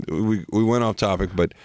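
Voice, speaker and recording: A man's voice: lowish voice, dry recording. A man hosting a podcast, chatting casually and playfully, laughing often as he jokes around. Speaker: podcast host. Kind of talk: casual chat.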